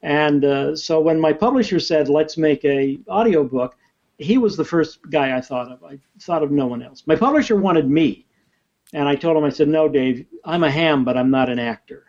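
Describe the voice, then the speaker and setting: A man, an author, telling stories in a lively, chatty way during a podcast interview. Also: a little high, moderate pace, highs cut off.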